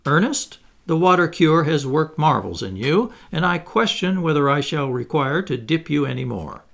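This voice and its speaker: A man's voice: a little high, lively intonation, normal speed, vocal fry. A man reading the part of a cheerful, eager young aristocrat in a play, earnest and a touch pompous.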